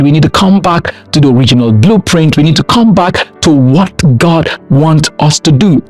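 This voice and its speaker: A man's voice: fairly high pitch, a little mellow. A man from Nigeria preaching a sermon with emphatic repeated refrains. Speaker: pastor.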